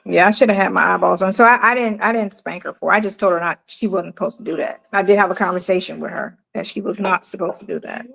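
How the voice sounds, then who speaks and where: Lively storytelling middle-aged woman. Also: mid-range voice, fast talker, vocal fry, few pauses, rough recording. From United States. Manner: animated storyteller, acts out quoted people. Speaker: mother telling stories. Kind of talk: casual chat.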